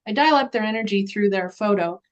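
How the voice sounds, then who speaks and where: A woman guest in an interview, telling a story in an animated way and acting out the voices of people she quotes. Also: medium pitch, a little fast, highs cut off.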